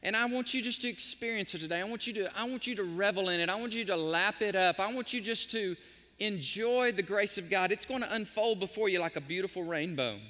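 A man pastor preaching a sermon, telling stories in an animated, emotional way. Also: high-pitched, brisk, in a large hall. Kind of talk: sermon with storytelling. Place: church sanctuary.

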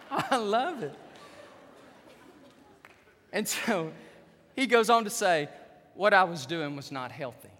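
A pastor, preaching a sermon in a church sanctuary, swinging from quiet asides to loud emphatic peaks. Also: male voice, high-pitched, lively intonation, takes it slowly, pauses often, a faint crowd, a little hiss or hum. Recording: reverberant church hall.

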